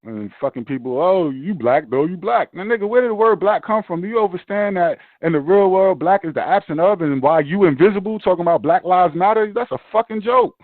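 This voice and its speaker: Brief: fired-up New guy, slightly high voice, dry and tinny sound, swears a lot. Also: fast talker, few pauses, no echo. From Brooklyn, New York. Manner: profane, animated ranting. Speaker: podcast host. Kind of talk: casual chat.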